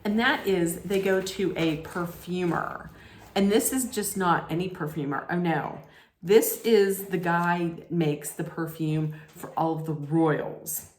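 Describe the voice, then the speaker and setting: A woman's voice: on the low side, a little slow, echoey room. A woman giving a casual reality TV recap on her vlog, with sarcastic, joking commentary. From United States. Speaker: vlog host.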